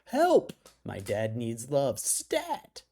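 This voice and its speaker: A man voicing an eager, pushy twelve-year-old girl with a high, beaming delivery in a comic story reading. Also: sing-song, a little slow.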